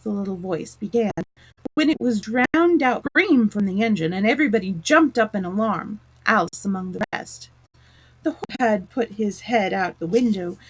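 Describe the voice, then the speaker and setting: A woman reading a children's storybook aloud in a gentle, expressive way. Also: medium pitch, a little hiss or hum, poor audio.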